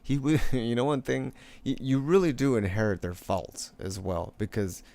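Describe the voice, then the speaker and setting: A man's voice: mid-range voice, normal speed, vocal fry, darkish tone. A young man rambling casually while painting on a live stream, laid-back, swearing often and laughing a lot.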